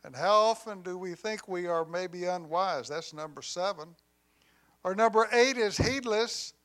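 A man preaching a sermon with deliberate delivery, swinging from loud emphasis to near quiet on key lines, with humorous asides. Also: high-pitched. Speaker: pastor.

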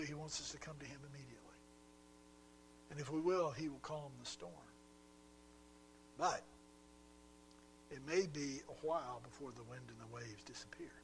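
A man preaching a sermon as pastor, swinging between loud emphatic pushes and quiet drops, with a faint mains hum behind. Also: mid-range voice, normal speed, long pauses, rough recording.

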